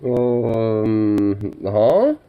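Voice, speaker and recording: A man's voice: fairly low pitch, animated, very slow, lo-fi sound, faint music behind. A young man reacting to a news clip, rambling and incredulous, with lots of cursing and stammered restarts. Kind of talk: casual reaction commentary.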